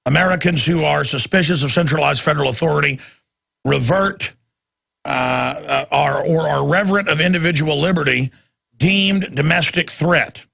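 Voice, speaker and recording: Gravelly, ranting talk radio host, a man. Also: fairly high pitch, moderate pace, fairly bright tone. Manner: impassioned, ranting, repeats words.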